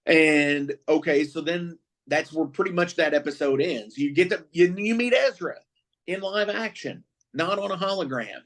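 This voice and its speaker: Podcast guy, slightly high voice, swears a lot, rambles thru the plot w fillers. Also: moderate pace, fairly bright tone. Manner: loose and profane, recapping plot with many fillers. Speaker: podcast co-host. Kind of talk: casual chat.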